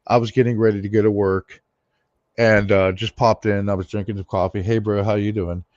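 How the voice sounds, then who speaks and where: A man's voice: on the low side, level tone, brisk, a little mellow, no room sound, dull audio. A man in casual chat, eagerly retelling a friend's fishing feat with teasing humour.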